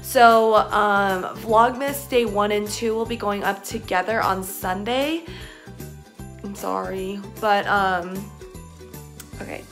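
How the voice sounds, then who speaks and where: A woman's voice: medium pitch, slow, fairly bright tone, soft background music. A young woman vlogging at home in a chatty, casual way, full of filler words. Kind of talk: casual vlog chat.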